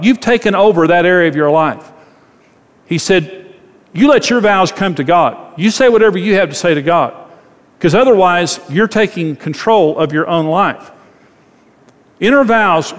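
A man's voice: high-pitched, long reverb tail. A man preaching a sermon as a pastor, talking conversationally, acting out quoted voices and repeating phrases.

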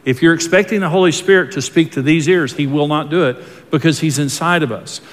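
A man's voice: on the high side, a little fast. A man pastor preaching a sermon in an earnest, folksy way, often repeating himself and restarting his words. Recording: long hall reverb.

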